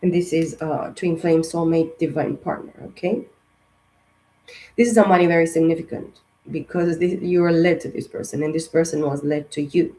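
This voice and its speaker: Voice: medium pitch, fairly even intonation, normal speed, warm tone, low-quality recording. A tarot reader giving a casual astrology reading to camera, talking in a loose, rambling way with many fillers and restarts, in a voice that has been strained and sensitive lately. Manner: encouraging, direct.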